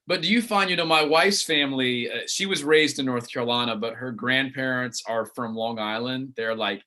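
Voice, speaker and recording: A man hosting a book event interview, asking long, rambling questions with quick asides. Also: mid-range voice, pushed and bright.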